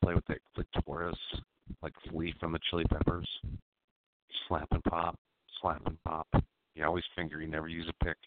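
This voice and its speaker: Deep-voiced man hosting a raunchy show. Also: completely flat delivery, moderate pace, no room sound. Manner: crude, mock-seductive, rambling. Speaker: radio show host. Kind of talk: raunchy comedy talk show. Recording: dry tinny phone-like sound.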